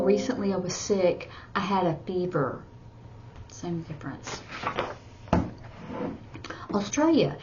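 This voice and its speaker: A woman teaching sign language in a slow, gentle explanatory style, with soft asides. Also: on the low side. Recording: slightly dull recording with faint background hiss.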